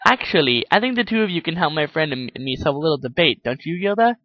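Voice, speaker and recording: A man's voice: on the high side, sing-song, fast talker, no room sound, highs cut off. A man voicing a boastful showy unicorn mare. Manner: grand, theatrical, speaks of herself in third person.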